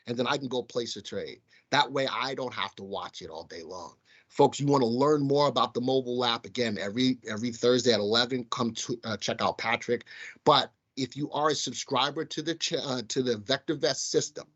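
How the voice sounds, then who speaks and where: A man's voice: medium pitch, fairly bright tone, highs cut off. A man with a Southern accent hosting a live stock market show, talking casually to viewers he calls folks. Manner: chatty, addresses viewers as folks. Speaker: stock market livestream host. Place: studio.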